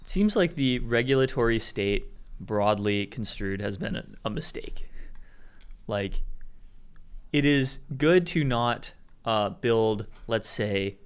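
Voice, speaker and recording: A man co-hosting a live tech news show, calmly laying out arguments with examples in a casual commentary style. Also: medium pitch, slow pace, clear, resonant tone. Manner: explanatory, builds arguments with examples. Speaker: co-host.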